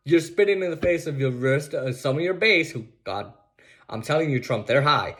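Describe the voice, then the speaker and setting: A male podcast host with a fairly high voice, delivering political commentary. He sounds sarcastic and mocking, hammers his points by repeating them, and breaks off to restart his sentences. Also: animated, moderate pace, gravelly, pushed and bright. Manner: emphatic and repetitive, restarts sentences.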